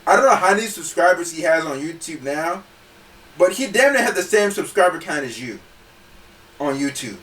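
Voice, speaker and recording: A male podcast host who keeps breaking into laughter and tripping over his restarts. His voice sits high and swings widely in pitch. It sounds bright and a little distant from the microphone. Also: moderate pace. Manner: laughs often, stammers and restarts, animated. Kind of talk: casual podcast chat.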